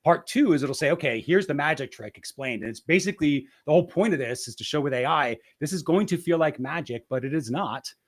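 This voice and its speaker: A man's voice: on the high side, animated, quick pace, hardly any pauses. A man talking as a guest in a casual interview, explaining a process step by step with frequent restarts and "right?" tags.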